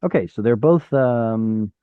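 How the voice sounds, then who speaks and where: A man's voice: medium pitch, lively intonation, unhurried, clean tone, no room sound, narrow, tinny audio. A man teaching an online Hebrew class, explaining step by step, sounding out letters and correcting himself as he goes. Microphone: video call.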